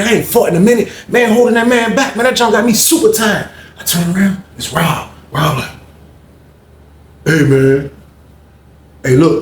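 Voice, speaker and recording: Guy telling a wild story, gets loud and high acting people out, slightly high voice, echoey room w/ faint hiss. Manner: excitable, acts out other people's voices with loud, high bursts. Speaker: storyteller recounting jail events. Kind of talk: animated storytelling vlog.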